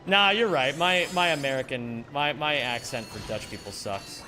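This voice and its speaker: A man's voice: mid-range voice, moderate pace, sharp tone. A man streaming a speedrun in casual chat, joking and mocking himself as he reads and answers viewers' messages.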